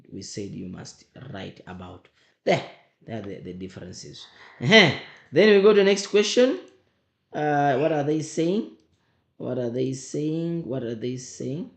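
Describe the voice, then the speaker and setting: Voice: mid-range voice, gravelly. A teacher going through exam questions, emphatic and often repeating questions back to the class. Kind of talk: exam revision lesson. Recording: roomy echo.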